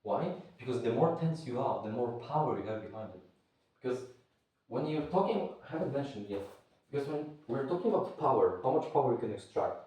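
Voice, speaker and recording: A man's voice: medium pitch, expressive, brisk, darkish tone. Guy explaining punching technique, rambly, sounds far off in a super echoey room. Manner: rambling, restarts and searches for words. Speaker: martial arts instructor. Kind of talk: casual spoken lesson.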